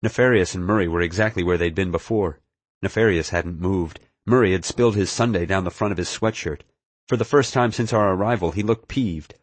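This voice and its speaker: A man's voice: sits low, brisk, slightly rough, no echo. A man narrating an audiobook in the first person, telling the story expressively.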